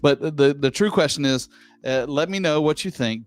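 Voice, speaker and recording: Host guy, clear smooth voice, kinda halting and jokey, dry sound, little music behind. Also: a little high, dry recording. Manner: joking, halting, reads questions slowly. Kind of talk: casual chat.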